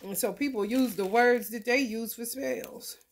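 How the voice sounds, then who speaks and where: A woman's voice: on the high side, unhurried, background noise. A woman, talking loosely and profanely in a casual tarot vlog. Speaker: tarot reader.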